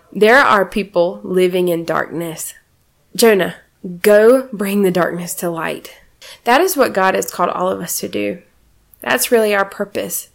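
A woman preaching a sermon in a lively way, with frequent laughs, acting out the quoted lines. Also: medium pitch.

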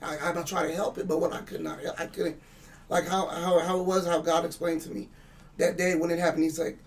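A man's voice: fairly high pitch, little pitch movement, fairly quick, distant mic. A man telling a spiritual story in casual chat, rambling and profane, acting out the dialogue. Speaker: guest.

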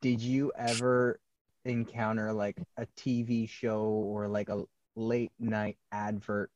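A Canadian man hosting a podcast, asking rambling questions in a relaxed, chuckling way. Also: fairly low pitch, slow pace. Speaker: podcast host. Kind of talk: casual interview chat. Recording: dull, lo-fi and dry sound.

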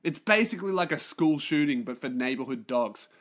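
Male podcast host, solo rant, profane and self-deprecating, slightly high pitch. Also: lively intonation, brisk, a bit bright. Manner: ranting, sweary, self-mocking.

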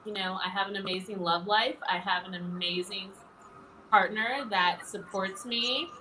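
A woman's voice: medium pitch, fairly even intonation, normal speed, background noise. A woman talking animatedly as an interview guest, laughing often as she tells her story. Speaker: interview guest, former pageant titleholder. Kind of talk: casual interview chat.

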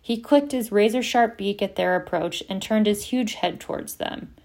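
A woman narrating an audiobook at a steady pace and doing voices for the characters. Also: medium pitch, moderate pace. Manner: steady storytelling, reads several voices. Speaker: audiobook reader.

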